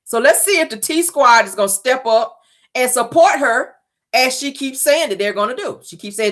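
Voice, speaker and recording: A woman's voice: mid-range voice, normal speed. A woman vlogger giving casual, sassy celebrity gossip commentary from her car. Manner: sassy, animated, mocking impressions. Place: parked car. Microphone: phone or dashboard mic in a car.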